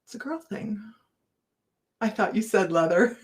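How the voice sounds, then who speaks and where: A woman's voice: mid-range voice, lively intonation, a little slow. Laughing, chatty woman host. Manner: chatty, laughs often, self-mocking. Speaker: host of a psychic live chat. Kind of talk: casual live chat with viewers.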